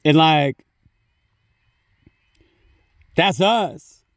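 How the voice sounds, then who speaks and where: A man's voice: fairly high pitch, expressive, takes it slowly, no echo, clean studio sound, recorded from a distance. A man giving a casual spiritual talk on his phone, rambling, swearing freely and saying "you know" often. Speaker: spiritual vlogger.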